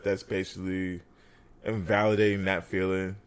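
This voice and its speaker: A man with a fairly low voice talks in an easygoing, slangy way during a relaxed conversation. He strings his thoughts together loosely with lots of "like" and "you know.". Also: moderate pace, clean tone. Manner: laid-back, slangy, lots of "like". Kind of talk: casual chat.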